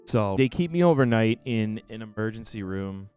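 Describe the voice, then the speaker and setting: A man streamer telling a story in casual talk to his viewers, animated and profane, acting out the people in it. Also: normal speed, clear, resonant tone, soft background music. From Canada. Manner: animated, profane, mimics the doctor in raised pitch.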